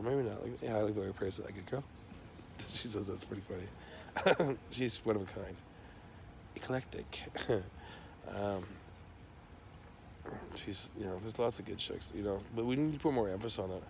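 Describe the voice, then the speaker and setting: A man's voice: fairly low pitch, gravelly, a little mellow, a little hiss or hum. A man talking in a loose, rambling monologue, swearing constantly and trailing off into fillers and restarts.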